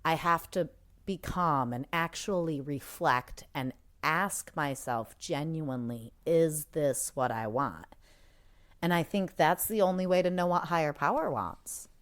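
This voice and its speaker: A woman's voice: low voice, expressive, a little slow, fairly bright tone. A woman co-hosting a recovery podcast, speaking casually and reflectively, explaining ideas through everyday examples. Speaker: podcast co-host.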